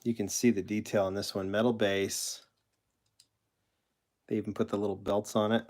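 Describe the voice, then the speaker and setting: This collector-stream host has a low, slightly mellow voice with flat delivery and a moderate pace. He chats casually, rambling and backtracking as he answers viewers and holds up toy cars.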